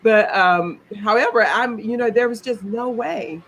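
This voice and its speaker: A woman's voice: a little high, a little slow, a bit bright, slight background noise, poor audio. A middle-aged woman, telling her own story in a chatty interview and laughing as she goes. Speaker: interview guest.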